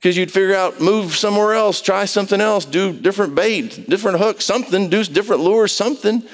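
Speaking quickly in a high voice, this male pastor delivers a chatty sermon full of stories and questions for the congregation. It was captured in a large church with a long, hall-like reverb.

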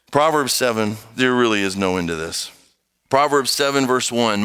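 A man preaching an animated sermon, reading scripture and raising his voice to exhort the congregation. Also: normal speed. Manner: animated, shifts between low quotes and raised exhortation.

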